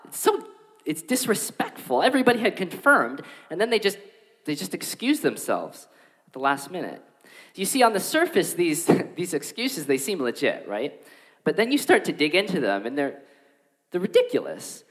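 A man preaching a sermon in a conversational, animated way. His voice sits a little high and swings widely in pitch as he acts out the excuses. The sound carries a long reverb from the hall. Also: normal speed. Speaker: pastor.

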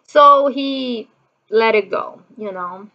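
A woman's voice: fairly high pitch, slow, creaky, highs cut off. A middle-aged woman from Brazil with a Brazilian Portuguese accent, telling a personal story in a chatty way, full of "you know" fillers and acted-out quotes.

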